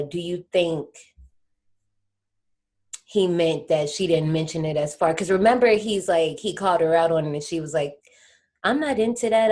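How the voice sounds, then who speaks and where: A woman co-hosting a podcast, telling stories in slangy casual chat and acting out the quotes. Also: sits low. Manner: animated storytelling, slangy, acts out quotes. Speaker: podcast co-host.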